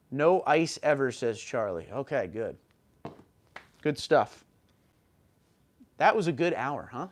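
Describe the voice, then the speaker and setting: A man's voice: mid-range voice, big pitch swings, takes it slowly, long pauses. A man hosting a casual livestream, reading viewer comments aloud and answering them in an upbeat way. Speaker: livestream host.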